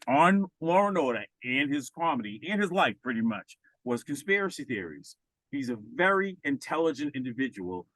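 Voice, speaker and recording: A man co-hosts a casual podcast and rants about what he dislikes, stumbling over his words as he goes. His voice sits at a middle pitch. It is recorded close and dry. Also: fairly bright tone, no room sound, poor audio. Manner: opinionated, ranting, with frequent restarts. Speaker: podcast co-host. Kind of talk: casual chat.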